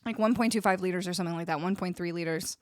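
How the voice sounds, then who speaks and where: A woman's voice: lowish voice, racing, no room sound, studio quality. A young Canadian woman with a Canadian accent, chatting casually with her live stream viewers, laughing often and reading their messages aloud. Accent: Canadian English. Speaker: music streamer. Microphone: studio vocal mic.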